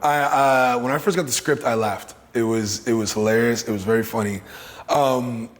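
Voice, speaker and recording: A man with a deep, raspy voice, an actor and comedian talking in a relaxed, reflective way in an interview. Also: normal speed, long reverb tail.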